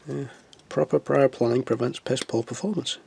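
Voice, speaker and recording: A man's voice: medium pitch, steady tone, normal speed, creaky, dark tone, breathy edge. A man with a stuffy nose, chatting in a casual, self-mocking way as he works on a scale model. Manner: chatty, self-mocking, talks to himself while working. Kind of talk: casual hobby tutorial chat.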